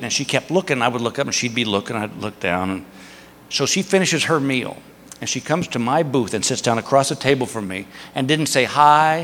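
A man's voice: mid-range voice, a bit bright, slight background noise. Man in his fifties doing stand-up in a theater. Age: 50s. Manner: storytelling, acting out quoted voices. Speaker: stand-up comedian. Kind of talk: stand-up comedy routine. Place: large theater stage. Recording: live theater with long reverb.

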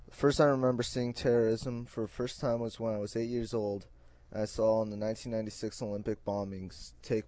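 A teenage boy reading his high school research paper aloud, halting and often restarting words. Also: darkish tone, no echo. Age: teens.

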